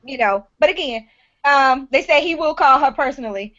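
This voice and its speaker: A woman hosts a live online talk show in a high, bright register. She gives blunt, frank advice and swears casually. The stream audio is dull and lo-fi. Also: lively intonation, moderate pace.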